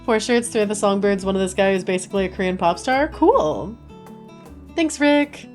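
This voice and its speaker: A woman's voice: mid-range voice, lively intonation, normal speed, a little mellow, faint music behind. A woman streamer chatting casually and playfully with her viewers while she plays a game. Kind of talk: casual gameplay chat.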